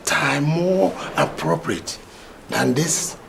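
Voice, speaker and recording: A man's voice: fairly high pitch, slow, vocal fry, fairly bright tone, slight background noise, full character voice. An actor playing an older father with a Ghanaian accent, speaking formally and measuredly in a Ghanaian film drama. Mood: solemn. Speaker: father announcing remarriage.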